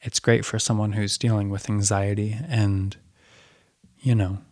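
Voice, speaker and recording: A young man co-hosting a podcast, talking calmly and reassuringly to his friend. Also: fairly low pitch, unhurried, dry recording, studio quality. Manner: calm, reassuring advice. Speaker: podcast co-host. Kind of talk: casual chat.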